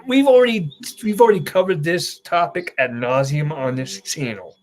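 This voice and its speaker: A young man hosts a casual wrestling talk show. His voice sits a bit high, and he tells his stories with excitable energy and freely dropped swear words. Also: moderate pace. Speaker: podcast host.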